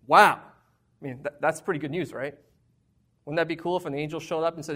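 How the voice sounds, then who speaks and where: A man's voice: high-pitched, quick pace, a bit bright. A man preaching a sermon to a congregation in a conversational, emphatic way, full of rhetorical questions and candid personal asides. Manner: shares personal struggles openly.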